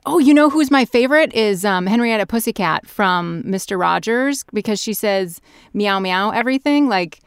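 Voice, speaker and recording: A woman's voice: medium pitch, expressive, normal speed, clean tone, no echo. A woman hosting a podcast interview, chatty and bubbly with frequent laughs. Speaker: podcast host. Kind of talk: casual interview chat.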